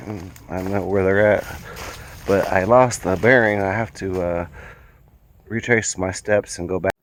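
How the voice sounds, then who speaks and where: Guy with a lowish voice rambling on a woods walk, camera in hand, faint outdoor noise. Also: steady tone, unhurried. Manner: rambling, musing. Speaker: vlogger. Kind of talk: casual outdoor vlog.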